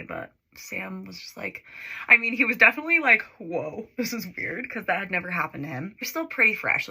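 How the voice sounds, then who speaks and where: A woman's voice: mid-range voice, sharp tone. A woman in her twenties telling a storytime while doing her makeup, chatty and full of "like" fillers, giggling now and then.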